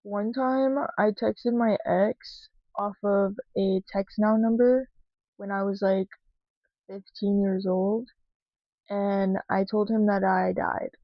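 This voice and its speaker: A woman's voice: medium pitch, level tone, takes it slowly, dry recording, dull audio. A young woman chatting casually to her viewers, rambling with lots of "like" and "um" and cursing freely. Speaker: vlogger answering viewer questions. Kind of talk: casual confessional chat.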